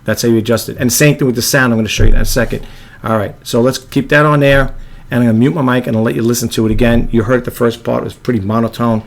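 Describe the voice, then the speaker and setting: A man with a low monotone voice, hosting a casual video editing tutorial and rambling with apologetic asides. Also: rapid-fire, creaky. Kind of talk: casual screen-recorded tutorial.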